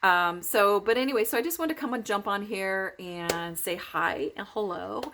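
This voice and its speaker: A woman's voice: medium pitch, normal speed, fairly bright tone, a little hiss or hum. A middle-aged woman recording a casual vlog while recovering from illness, talking in a rambling, heartfelt way with many fillers and restarts. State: recovering from illness, foggy-headed. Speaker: vlogger. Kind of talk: casual spiritual vlog talk.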